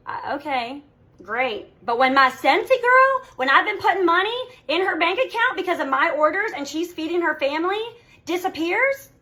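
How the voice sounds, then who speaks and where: Bright, emphatic woman coaching her team. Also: high-pitched. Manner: emphatic, coaching, peppered with "okay?" and "all right?". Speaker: direct sales team leader. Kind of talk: motivational group training talk.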